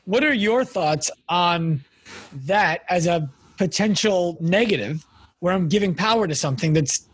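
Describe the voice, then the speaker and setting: High-voiced husky man hosting a podcast. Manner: lively storyteller, quick bursts. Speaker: podcast host. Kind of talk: casual conversational interview.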